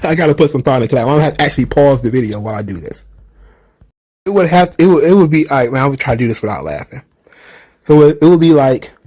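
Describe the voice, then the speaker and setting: A man hosting a casual chat about wrestling, animated and quick to laugh, who asks lots of rhetorical questions. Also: a little high, breathy edge. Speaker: channel host answering viewer questions.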